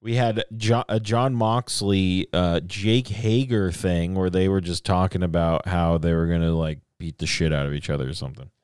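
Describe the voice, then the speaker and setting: A man co-hosts a podcast in relaxed, casual chat. He has a very low voice and makes low-key, dry remarks. The sound is close and dry. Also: normal speed, few pauses, clear, resonant tone, no room sound. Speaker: podcast co-host.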